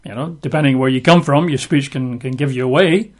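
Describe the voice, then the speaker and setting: A man's voice: mid-range voice, a little fast, a little mellow. A man teaching from the Bible in a chatty sermon style, with wry asides. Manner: chatty, wry asides between scripture readings. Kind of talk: conversational sermon.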